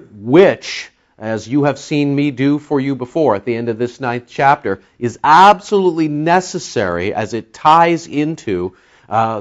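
Guy preaching thru a bible passage, chatty w lots of uhs, kinda dull lo-fi sound. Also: on the high side. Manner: conversational, many fillers, slows to stress key words. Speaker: pastor teaching a Bible study. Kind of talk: expository sermon.

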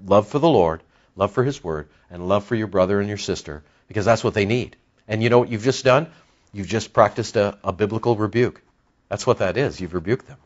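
A man preaching a sermon to his church congregation, surging loud on key words and then dropping low and soft. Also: a little fast, highs cut off. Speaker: pastor. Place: church sanctuary.

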